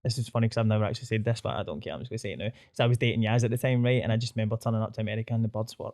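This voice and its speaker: A young Glaswegian man hosting a podcast, telling stories in broad slang with animated quoted voices. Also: lowish voice, racing, dry recording, studio quality. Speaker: podcast host. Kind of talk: casual chat.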